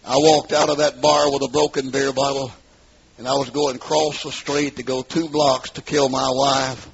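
A middle-aged man telling his testimony as a sermon, in an emphatic storytelling style that rises into shouts, on a dull lo-fi recording. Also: medium pitch, level tone, moderate pace, gravelly, breathy edge. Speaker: preacher giving testimony.

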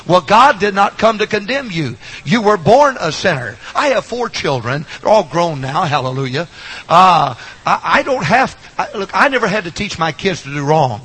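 Middle-aged man, pastor, high bright husky voice, folksy and emphatic sermon delivery. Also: big pitch swings, moderate pace, low-quality recording. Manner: folksy, emphatic, repeats lines for effect.

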